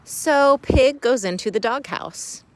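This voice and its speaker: A woman teacher reads a picture book aloud to young children. Her pitch rises and falls a lot, and she takes her time. She reads playfully and then explains a reading task. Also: slow pace. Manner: playful, with expressive storybook reading.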